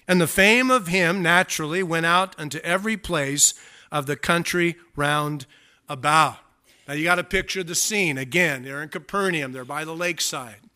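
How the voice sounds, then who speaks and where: Male pastor, sermon, scripture reading, joking asides, forceful. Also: on the high side, normal speed, clean tone. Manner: reads scripture aloud, adds joking asides.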